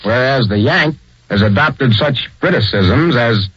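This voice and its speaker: A man's voice: medium pitch, animated, unhurried, a bit bright, husky, no room sound. A man narrating a 1940s radio program in a conversational, explanatory way, on a dull old recording.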